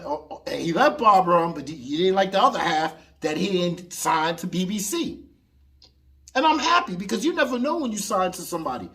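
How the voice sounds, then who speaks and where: A man in a heated vlog rant about the fight game. His pitch swings widely as he talks, rising and dropping for emphasis. He keeps arguing back at an imagined listener. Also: fairly bright tone. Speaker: boxing commentator. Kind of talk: opinionated commentary.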